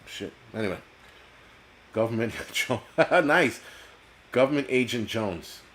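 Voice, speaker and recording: On a video call using a computer mic, with a little hiss or hum, a man in a medium-pitched, animated, slightly bright voice speaks a bit slowly. Hosting a live stream, he rants bluntly and casually, swears heavily and reads the chat out loud.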